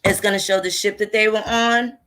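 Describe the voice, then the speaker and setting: A woman's voice: mid-range voice, fairly even intonation, fairly quick, bright, forceful tone. A woman talks through old archive records in a loose, casual lecture. Her delivery is blunt and conversational, and she swears freely while explaining. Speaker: history channel host.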